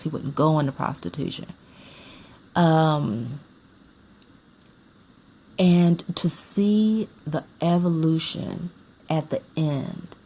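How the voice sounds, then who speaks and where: A woman's voice: deep voice, dark tone. A woman chatting casually about her movie collection as a vlogger, emphatic and repeating herself for effect. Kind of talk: casual chat about films.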